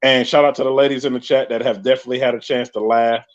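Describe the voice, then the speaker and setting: A man with a New York accent hosting a casual live podcast, telling stories in an animated, joking way. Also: medium pitch, quick pace. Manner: animated storytelling with frequent laughs. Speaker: podcast host. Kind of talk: casual live-stream chat. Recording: muffled lo-fi live stream audio.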